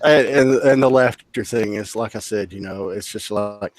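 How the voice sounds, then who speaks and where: A man's voice: lowish voice, normal speed, background noise. A man guest on a podcast, casually telling a hospital story, swearing freely, joking at his own expense and stumbling over restarts. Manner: profane, self-mocking, stammers on restarts.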